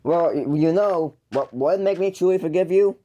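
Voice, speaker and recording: A man's voice: a little high, normal speed, warm tone, dull audio. A man ranting into the camera to call out his brother, stumbling and restarting often, mocking and exasperated. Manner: rambling, with frequent stumbles and restarts. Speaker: YouTuber calling out his older brother.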